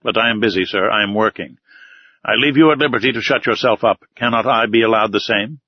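Brief: male reader playing a curt, secretive captain, low voice, dry close mic. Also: fairly quick, no room sound, lightly acted. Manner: curt and ironic. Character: stern, secretive adult male sea captain. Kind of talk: audiobook character reading. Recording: slightly dull, dry recording.

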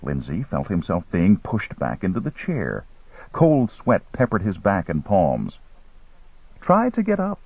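A man narrating a novel in a measured, dramatic storytelling manner. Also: sits low, very animated, creaky, slightly rough, no echo. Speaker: audiobook narrator. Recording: tinny phone-like line, dry.

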